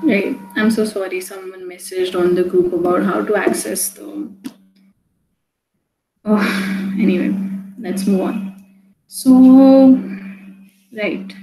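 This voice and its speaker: Woman, poetry teacher, online class, mellow tone, lots of fillers and "right?", echoey room. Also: medium pitch, fairly even intonation, slow pace, pauses often, slight background noise. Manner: chatty, with many fillers and restarts; checks in with "right?" often.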